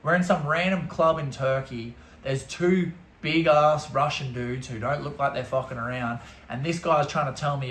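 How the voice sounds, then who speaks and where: A young Australian man telling a story in a casual, comedic way. His delivery is animated and crude, with frequent laughter. His voice sits fairly high and has a roomy echo. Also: moderate pace. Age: young adult.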